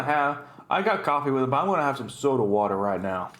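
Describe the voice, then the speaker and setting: Man, casual YouTube host, rambling, swears a lot, mid-pitched, echoey room. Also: sing-song, quick pace, hardly any pauses, fairly bright tone. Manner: rambling, swears often, laughs at his own stories. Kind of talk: casual storytelling and reaction commentary. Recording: roomy echo.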